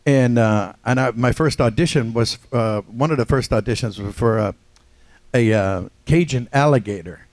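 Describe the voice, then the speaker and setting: At a normal speed, an older Ohio man speaks in a mid-range, slightly mellow voice, recorded dry. The voice actor tells casual stories as a convention panel guest, joking, self-deprecating and frequently laughing.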